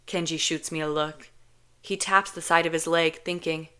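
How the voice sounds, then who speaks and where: A woman reading a novel aloud in a calm, measured first-person narration. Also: low voice, smooth. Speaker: audiobook reader.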